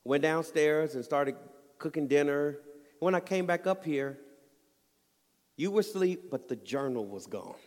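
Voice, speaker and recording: A man's voice: on the high side, expressive, measured pace, pauses often, a little mellow. A man preaching a sermon, telling an earnest family story and building to emphatic points. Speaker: pastor. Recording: long hall reverb.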